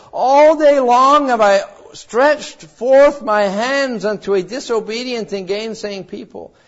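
A man preaching a sermon with deep emotion. He swings between loud cries and hushed low tones and acts out the quoted voices in his story. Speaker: pastor. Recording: dull lo-fi sound.

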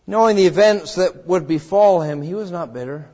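A man preaching a sermon with deep emotion. He swings between loud cries and hushed low tones and acts out the quoted voices in his story. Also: normal speed. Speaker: pastor. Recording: dull lo-fi sound.

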